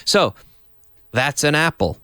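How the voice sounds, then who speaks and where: A man's voice: on the high side, very animated, slow pace, sharp tone, clear, resonant tone, no room sound, studio quality. A middle-aged man from Canada teaching English to Spanish speakers, acting out example sentences with big, exaggerated question intonation.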